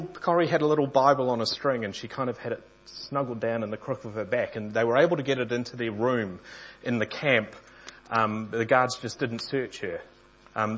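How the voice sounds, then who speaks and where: An earnest male preacher who tells a story in his sermon and sometimes stumbles and restarts a phrase. His voice is husky and mid-pitched. The recording sounds dull and muffled.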